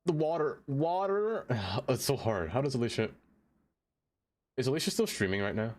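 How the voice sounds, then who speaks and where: A man's voice: lowish voice, moderate pace. A young man from the United States chatting casually on a live stream, laughing a lot and playfully trying out silly accents.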